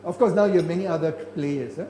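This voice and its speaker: A man's voice: on the high side, fast talker, dark tone, a little hiss or hum. Emphatic older man in an echoey hall. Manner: emphatic, repeats and restarts words, rising indignation. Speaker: keynote speaker. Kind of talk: conference keynote lecture. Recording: echoey hall with faint ambience.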